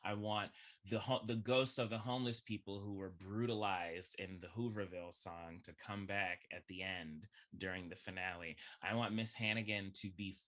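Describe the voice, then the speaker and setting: Excitable man with a bright voice. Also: moderate pace, hardly any pauses. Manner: animated, swings from loud excitement to low murmurs; laughs often mid-sentence. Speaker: podcast guest. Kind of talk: casual chat.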